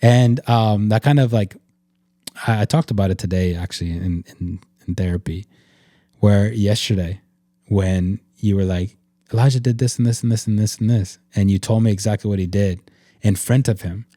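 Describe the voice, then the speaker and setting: A man's voice: on the low side, normal speed, warm tone, no echo, studio quality. A man hosting a casual faith-based podcast chat, talking in an earnest, reflective way and leaning on lots of "like" fillers. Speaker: podcast host.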